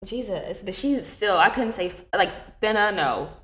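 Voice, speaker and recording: A young woman in casual chat, animated and swearing freely, with many fillers. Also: medium pitch, unhurried. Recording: echoey room.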